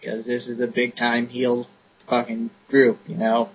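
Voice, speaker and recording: A man's voice: mid-range voice, completely flat delivery, measured pace, breathy edge. A man co-hosting a casual podcast, recapping matches in a laid-back way with many fillers. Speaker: podcast co-host. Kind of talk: casual wrestling review chat. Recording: dull lo-fi podcast audio, faint hiss.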